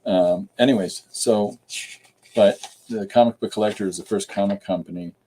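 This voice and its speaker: A middle-aged comic artist from Canada talks casually on his live stream in a low, warm voice. He rambles along with plenty of ums and restarts. Faint background noise sits under the voice. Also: steady tone, moderate pace, poor audio. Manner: chatty and rambling, with many fillers.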